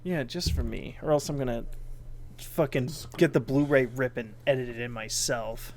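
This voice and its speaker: A man joining a podcast as its editor, chatting casually, animated, joking and swearing with frequent laughs. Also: medium pitch, normal speed, a little hiss or hum. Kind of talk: casual chat.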